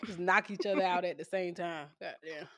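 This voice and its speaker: A woman's voice: fairly low pitch, moderate pace, fairly bright tone. A woman co-hosting a podcast in casual chat, giggly and laid-back. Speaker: podcast co-host.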